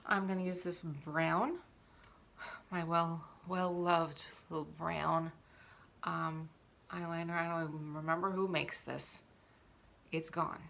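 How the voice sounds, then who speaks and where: A woman's voice: sits low, slow pace, gravelly, pauses often. A woman chatting casually through a makeup tutorial at home, talking while she applies it. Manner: chatty, relaxed, talks while applying makeup.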